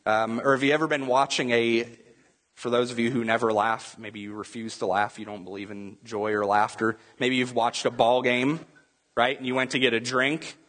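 A man's voice: medium pitch, flat delivery, moderate pace, fairly bright tone. A man preaching a sermon as a pastor, talking to the congregation in a loose, conversational way. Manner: conversational preaching with acted-out crowd voices.

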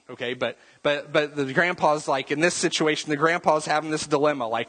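Male preacher, slightly high voice, conversational sermon, repeats words, acts out quotes, long reverb. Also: brisk, hardly any pauses, fairly bright tone.

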